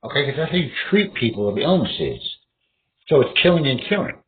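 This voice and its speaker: A man rambles through a fighting lesson, swearing freely and breaking into loud mock cries for his imagined opponent. His voice swings widely in pitch. It comes through thin and tinny over a faint hiss. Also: very animated, fairly quick. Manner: profane, rambling, acts out opponent's reactions with outbursts. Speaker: martial arts instructor. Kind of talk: rambling casual instruction to camera. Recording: tinny phone-like sound with faint noise.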